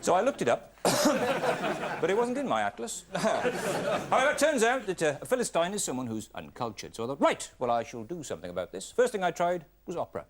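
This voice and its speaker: A man, hosting a comedy show and delivering a deadpan stand-up monologue. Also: high-pitched, brisk, slight background noise. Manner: deadpan comic storytelling. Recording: studio audience laughter.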